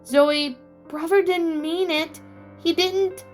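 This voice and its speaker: A woman voicing a kind little girl bear cub, asking gentle caring questions in a read-aloud story. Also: very high-pitched, steady tone, takes it slowly, faint music behind, pitched above the performer's own voice.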